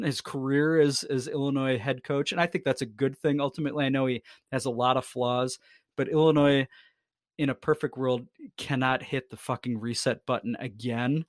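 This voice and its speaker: A man's voice: mid-range voice, normal speed, dry recording, studio quality. A man in his thirties, a podcast co-host in casual sports chat, rambling and profane with self-deprecating jokes.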